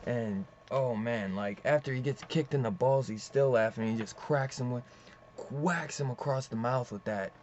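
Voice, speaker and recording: A man's voice: medium pitch, normal speed. Hyped young guy ranting about a comic, rambly, swears a lot, kinda dull lo-fi audio w/ faint hiss. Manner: excitable, rambling, swears and says "dude" a lot. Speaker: comic book reviewer. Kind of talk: casual enthusiastic review.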